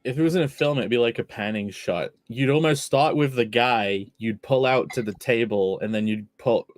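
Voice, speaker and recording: A man's voice: mid-range voice, moderate pace. A young man co-hosting a casual podcast, teasing his friends. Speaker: podcast co-host. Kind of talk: casual chat.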